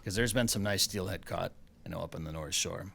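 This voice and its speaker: Bright-voiced male radio show host. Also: low-pitched, a little fast, vocal fry, a little hiss or hum. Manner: chatty, loose storytelling with restarts. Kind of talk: casual radio banter and trivia.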